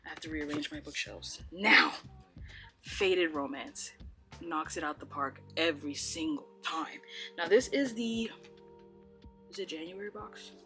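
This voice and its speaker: Rambling, chatty young woman, low voice. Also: animated, measured pace, long pauses, sharp tone, faint music behind. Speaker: book vlogger. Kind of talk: casual chat. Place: home room by bookshelves.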